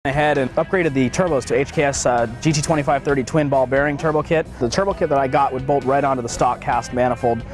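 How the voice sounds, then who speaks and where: A man's voice: mid-range voice, steady tone, quick pace, hardly any pauses, soft background music. A man, a car owner, explaining his modifications casually with a few fillers. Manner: chatty with fillers. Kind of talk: casual show-and-tell.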